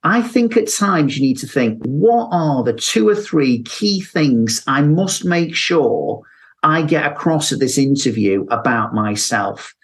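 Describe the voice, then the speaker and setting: A man, a guest on a mentoring podcast, giving measured advice on job interviews and reflecting on his own past. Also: mid-range voice, lively intonation. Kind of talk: advice talk.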